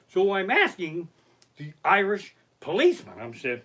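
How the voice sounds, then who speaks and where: Lively, profane male comedian. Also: high-pitched, moderate pace. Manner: profane, animated anecdotes. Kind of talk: stand-up storytelling on a live stream. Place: his living room. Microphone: basic home setup.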